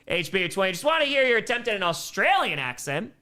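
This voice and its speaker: A young man doing live play-by-play of a football game while chatting casually with viewers, shouting on big plays. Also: high voice, fast talker, hardly any pauses. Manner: casual, answers viewer chat between plays, bursts of excitement on big plays. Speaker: livestream play-by-play commentator. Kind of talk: live play-by-play and chat reactions.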